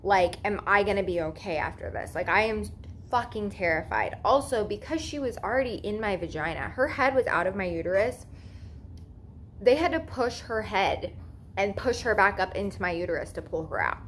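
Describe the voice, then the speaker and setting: A woman's voice: mid-range voice, expressive, normal speed, slight background noise. Woman in her twenties retelling a scary birth. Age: 20s. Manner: emotional, swears freely, anxious retelling. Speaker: vlogger. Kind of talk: casual storytelling.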